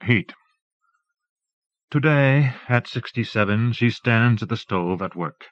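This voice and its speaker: A man narrating an audiobook in a measured literary reading, recorded close to the mic and transferred from an old cassette. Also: mid-range voice, animated, no room sound, muffled recording.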